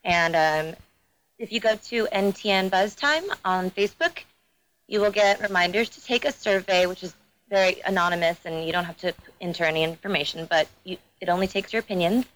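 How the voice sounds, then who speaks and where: A woman guest chatting casually on a podcast, upbeat and quick to laugh. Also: on the low side, a bit bright, slight background noise, rough recording. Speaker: guest game producer.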